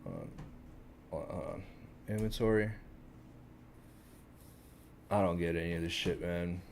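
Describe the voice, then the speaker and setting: A man's voice: low-pitched, unhurried, vocal fry, darkish tone, a little hiss or hum. A man streaming a game, muttering and swearing as he works out the controls. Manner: profane, swears a lot, frustrated muttering. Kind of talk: casual gaming commentary.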